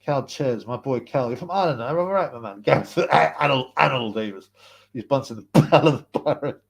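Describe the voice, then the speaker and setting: A man's voice: medium pitch, a little fast, vocal fry. Man, livestream host, casual rambling chat, repeats words, frequent laughs.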